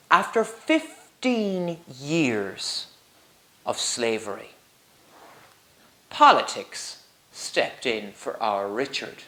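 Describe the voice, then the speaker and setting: A man's voice: medium pitch, lively intonation, slow pace, pauses often, bright, forceful tone. A man tells a story to schoolchildren in a playful way and asks them questions as he goes. His voice swoops up and down with great animation. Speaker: primary school teacher, storyteller. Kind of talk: storytelling for children.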